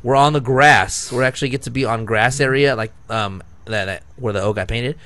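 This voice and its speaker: A man's voice: medium pitch, a little fast, pushed and bright. A man co-hosting a podcast, telling a long story in casual chat, full of "like," restarts and laughter. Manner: rambling storyteller, heavy on "like" and restarts, laughing often. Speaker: podcast co-host.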